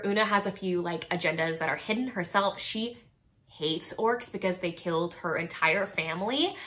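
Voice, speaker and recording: A young woman casually recommending romance novels, gushing and excited, dropping lots of fillers and quick character asides. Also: on the low side. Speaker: book reviewer. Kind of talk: casual chatty book recommendations.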